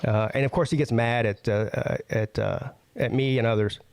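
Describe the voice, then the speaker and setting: Male host, casual mocking commentary, dry room, mid pitch. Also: fairly even intonation, normal speed, darkish tone, clean tone, no echo. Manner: loose and mocking, lots of filler. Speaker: show host. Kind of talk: casual commentary over a played video.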